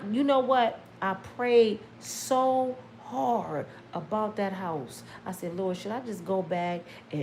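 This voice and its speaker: Animated woman chatting casually on a livestream. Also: on the high side, slight background noise. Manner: animated, preachy, laughs loudly. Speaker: YouTube host.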